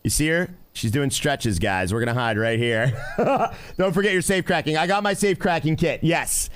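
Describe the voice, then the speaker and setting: A man giving live gameplay commentary as a streamer, excitable and constantly talking to his chat. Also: fairly high pitch, normal speed, clean tone. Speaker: game streamer.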